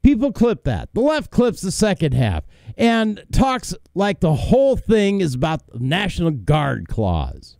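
A man's voice: high voice, wildly swooping pitch, unhurried, creaky, a little mellow, no room sound. A man hosting a talk radio show, delivering an opinionated monologue in a combative, emphatic way, with fillers and repeated words.

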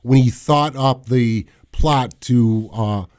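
A man's voice: medium pitch, slow pace, a little mellow, smooth. A man on a podcast recounting a news story in casual, run-on talk. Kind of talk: casual chat.

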